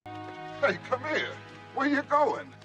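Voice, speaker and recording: A man's voice: very high voice, animated, slow, pushed and bright, faint music behind, heavily acted. An actor playing a brash, joke-cracking rich older father in a film comedy. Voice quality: brassy joke-cracking delivery. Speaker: film character.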